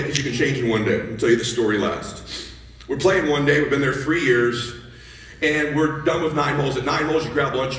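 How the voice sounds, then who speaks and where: A man's voice: fairly high pitch, a bit bright, a little hiss or hum. A middle-aged man giving a motivational talk, telling a story with animation and acting out the dialogue. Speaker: motivational speaker. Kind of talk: motivational speech to an audience. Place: large hall with audience laughing. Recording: echoey hall, voice from far off.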